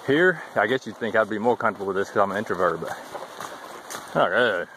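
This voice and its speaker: A man with a drawl talks in a lowish voice as he walks a wooded trail, thinking out loud with a wry, chatty ease. A faint wash of outdoor ambience sits under his voice. It is an informal walking vlog filmed on a handheld camera. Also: lively intonation, quick pace, slight background noise, rough recording. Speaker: thru-hiker vlogger.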